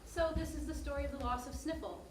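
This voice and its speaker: A woman's voice: high-pitched, noisy background, natural voice. A woman playing a mother telling a family story. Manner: fast, detailed storytelling. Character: mother recalling a family trip, warm and detailed. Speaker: narrator. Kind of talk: stage monologue. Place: theater stage. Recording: echoey stage heard from a distance.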